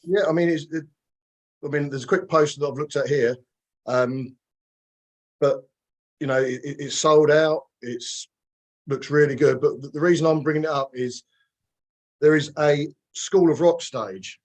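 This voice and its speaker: A man's voice: a little high, fairly even intonation, moderate pace, long pauses. A British man co-hosting a music chat show, talking in a hesitant, rambling way. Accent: British English. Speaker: co-host. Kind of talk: casual chat.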